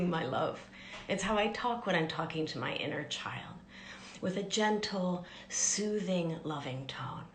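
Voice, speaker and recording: Gentle low-voiced woman, whispering softly. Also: roomy sound, slight background noise. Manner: gentle, soothing, drops into soft whispers. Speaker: life coach. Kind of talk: live-streamed teaching talk.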